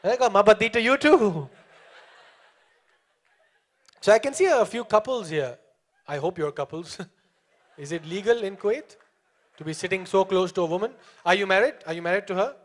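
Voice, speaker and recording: A young man performs stand-up on a live stage and talks into a handheld mic. His voice sits high, and he keeps up a punchy, teasing rhythm with the crowd. He drops into short character voices along the way. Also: normal speed, pauses often. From India. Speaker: stand-up comedian. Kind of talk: stand-up comedy. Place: comedy show stage before a live audience.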